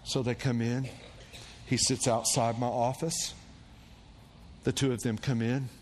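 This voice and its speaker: A male pastor telling a story in a sermon, animated and acting out the voices of the people in it. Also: a little slow. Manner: animated storyteller, acting out quoted voices with big pitch jumps. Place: church sanctuary. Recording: long church reverb with faint room noise.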